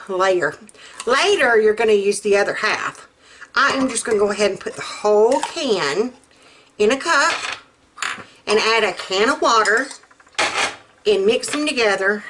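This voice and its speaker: In her home kitchen, a middle-aged home cook rambles folksily while walking through a recipe. She speaks on the high side, against a noisy background.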